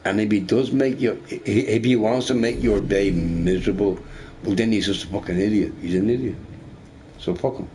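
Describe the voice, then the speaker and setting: A man's voice: fairly low pitch, steady tone, a little fast, dark tone, a little hiss or hum. A middle-aged man ranting casually while he games, swearing and tagging his lines with "right?". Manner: rambling, profane, tags lines with "right?". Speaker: shop boss and gamer. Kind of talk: casual rant while gaming.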